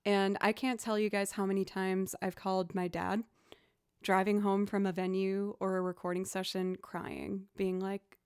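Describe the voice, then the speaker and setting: A woman's voice: mid-range voice, level tone, normal speed, smooth, no echo, clean studio sound. Chatty young woman musician streaming. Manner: chatty, self-deprecating, encouraging. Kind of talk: casual live-stream chat.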